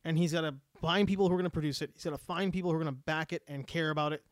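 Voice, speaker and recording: A man's voice: fairly high pitch, steady tone, racing, no room sound, studio quality. A man chatting casually about movies, emphatic and opinionated, swearing freely.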